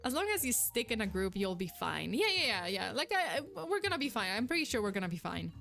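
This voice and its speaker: A young woman chatting casually on a live stream, reacting to chat with quick, giggly, animated replies. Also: a little high, gravelly, faint music behind.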